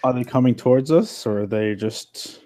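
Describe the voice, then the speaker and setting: A man's voice: mid-range voice, moderate pace, mellow. A man playing a tabletop game, with wry, joking remarks and frequent laughter. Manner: wry, jokey, laughs often. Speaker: player. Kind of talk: casual tabletop play.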